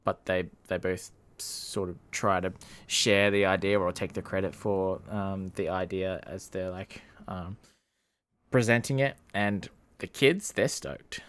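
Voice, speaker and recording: A man's voice: low voice, steady tone, unhurried, fairly bright tone, clean tone, dry recording. A man co-hosting a podcast, recapping a film in loose casual talk full of fillers. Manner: rambling, lots of fillers and laughs. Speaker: podcast co-host. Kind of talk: casual movie review chat.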